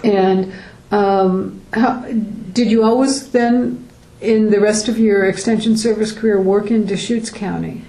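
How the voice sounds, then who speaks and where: A woman's voice: mid-range voice, fairly even intonation, a little slow, few pauses, warm tone, echoey room, low-quality recording. A woman conducting an oral history interview, asking short questions and confirming answers. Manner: brief prompts and confirmations.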